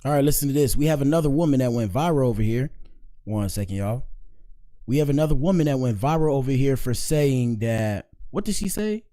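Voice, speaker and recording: A man from Miami hosting a casual reaction show, rambling in slang and giving frequent shout-outs. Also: mid-range voice, a little fast. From Miami, Florida. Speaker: commentary show host.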